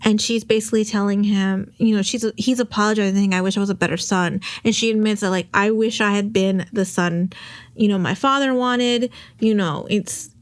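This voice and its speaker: A woman's voice: mid-range voice, fairly even intonation, normal speed. A young woman hosting a podcast, recapping a drama in casual chat, rambling and emotional, close to tears at times. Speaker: podcast host.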